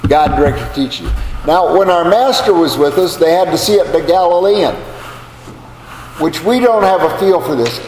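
A man's voice: high-pitched, lively intonation, normal speed, darkish tone. An older man from the United States giving a Bible class lecture, telling stories in a folksy way with asides. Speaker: Bible teacher. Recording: echoey hall, faint background hum.

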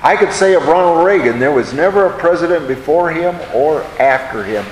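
A man's voice: on the high side, lively intonation, brisk, roomy sound, big-room sound, a little hiss or hum, poor audio. A man teaching a Bible study in a conversational way, often putting questions to his audience.

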